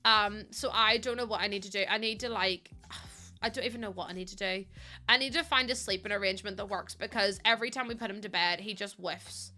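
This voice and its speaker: A woman's voice: mid-range voice, fairly even intonation, brisk. A young woman chatting casually while streaming a building game, rambling and bubbly with plenty of ums. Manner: bubbly, greets chat warmly. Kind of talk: casual live-stream chat.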